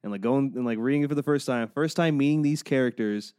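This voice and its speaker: Smooth-voiced man teasing about comics. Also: mid-range voice, quick pace, darkish tone, no echo, clean studio sound. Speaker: podcast co-host. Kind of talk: casual comic book chat.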